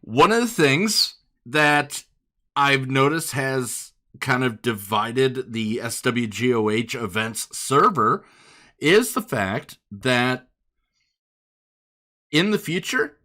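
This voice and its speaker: An American man with a northern accent hosts a podcast in easygoing casual chat. He talks at an unhurried pace. His tone is bright. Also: mid-range voice. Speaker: podcast host.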